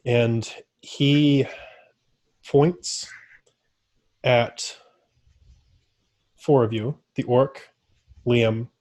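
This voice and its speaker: A man's voice: medium pitch, a little mellow. A man running a tabletop game as game master, narrating in a casual, rambling way and laughing often.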